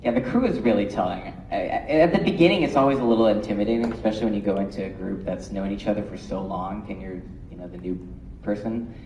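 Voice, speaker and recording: A young man, an actor on a convention panel, telling an excitable story about his first week on set. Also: fairly low pitch, quick pace, gravelly, recorded from a distance, a little hiss or hum. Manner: animated storytelling with laughs. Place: large convention hall. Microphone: handheld mic. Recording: echoey hall, mic from afar.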